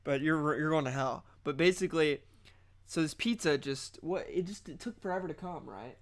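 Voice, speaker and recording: A man's voice: on the high side, moderate pace. Chatty young man telling a story. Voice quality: rambling storyteller, lots of restarts. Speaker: podcast and stream host. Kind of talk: casual chat.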